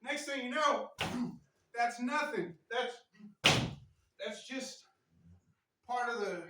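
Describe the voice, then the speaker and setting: A martial arts instructor demonstrates stretches to a camera mic in an echoey room, chatty and a bit strained from the effort, often tagging lines with "right?". His voice is extremely high and very slow, and the recording is very noisy.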